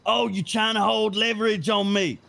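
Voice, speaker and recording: A man's voice: high-pitched, fairly even intonation, moderate pace, gravelly, bright, forceful tone, a little hiss or hum, pitched above the performer's own voice, heavily acted. A man putting on the voice of another man who is angry and accusing in a standoff.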